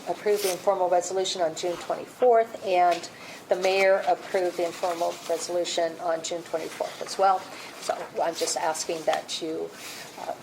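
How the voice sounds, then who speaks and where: Woman, board staff, low-ish, tired voice, procedural meeting read-through, light hiss. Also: gravelly, rough recording. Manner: steady, procedural, with fillers and restarts. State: losing her voice. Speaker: board staff presenting cases. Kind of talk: reading a case report at a public board meeting.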